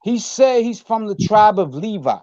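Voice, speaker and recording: A man breaks into a casual debate, insistent and repeating himself to get the floor. His voice is high and lively. The audio is muffled, lo-fi call sound. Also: moderate pace. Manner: interjecting, insistent.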